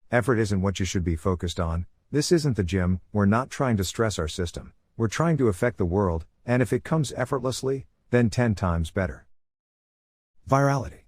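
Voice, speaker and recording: Male audiobook narrator, lower register, forceful and commanding read, dead-dry booth sound. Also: dry recording. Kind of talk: audiobook reading of his own self-help text.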